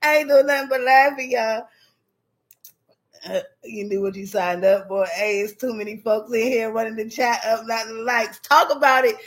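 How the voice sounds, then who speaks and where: A woman's voice: a little high, moderate pace. A woman hosting a casual livestream, chatting animatedly with her viewers and laughing often. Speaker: livestream host.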